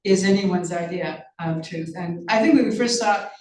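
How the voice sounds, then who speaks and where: A woman's voice: lowish voice, normal speed, a little mellow. Earnest woman author in a roomy space. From Canada. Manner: earnest, many restarts and fillers. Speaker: author and journalist guest. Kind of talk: conversational interview. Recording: roomy, distant mic.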